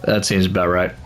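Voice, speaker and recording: Rambling man doing gameplay commentary. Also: on the low side. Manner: rambling, with many restarts and laughs. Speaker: gaming channel host. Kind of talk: let's play commentary.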